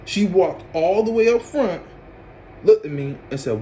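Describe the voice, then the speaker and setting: Animated young man telling a story. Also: a little slow, slight background noise. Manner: animated storyteller, acts out his own reactions with loud high outbursts and laughs. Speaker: vlogger. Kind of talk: casual storytime.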